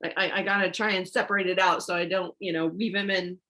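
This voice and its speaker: A woman gives an informal online sermon, reads scripture, and urges listeners on with "okay?" and "y'all", stumbling and restarting when she rushes. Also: fairly low pitch, little pitch movement, bright, forceful tone. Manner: urgent and exhortative, repeats herself, frequent "okay?" and "y'all". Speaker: online preacher.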